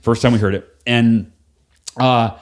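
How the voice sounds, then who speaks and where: Man, podcast guest, animated storyteller, mid-pitched voice, acts out dialogue. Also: a little slow. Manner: animated, acts out quoted dialogue, casual swearing. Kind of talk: storytelling in a conversational interview.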